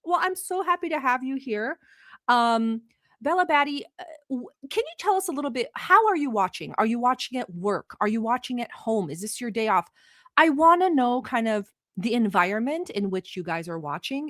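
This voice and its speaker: Her voice is on the high side and a bit bright, with big pitch swings at a moderate pace. She's a Middle Eastern woman, a non-native English speaker, hosting a casual livestream where she reacts to videos and teases her chatty viewers. The clean studio sound has no room sound.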